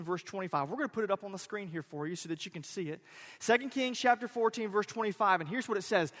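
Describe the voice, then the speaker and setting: Guy preaching a sermon, kinda high voice, lots of hall echo, chatty then suddenly loud. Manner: conversational, swings between loud emphasis and quiet asides. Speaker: pastor. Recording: reverberant hall.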